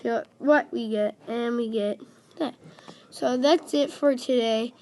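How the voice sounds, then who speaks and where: Female gaming host, high and bright, unhurried, excitable, calls out to viewers. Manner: excitable, keeps calling out to viewers. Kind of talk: casual game commentary.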